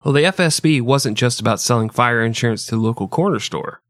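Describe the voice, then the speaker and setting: A man's voice: medium pitch, quick pace, no echo, studio quality. Sarcastic, swearing male podcast host. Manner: sarcastic, profane, laughs often. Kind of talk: casual comedic history chat.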